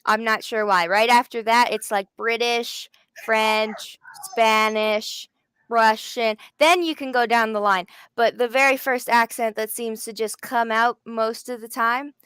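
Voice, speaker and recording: A woman's voice: fairly high pitch, fairly even intonation, a little slow, a bit bright, smooth, dry recording. A woman from Canada co-hosting a live wrestling watch party, chatting casually, laughing often and trailing off mid-thought. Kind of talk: casual live-stream chat.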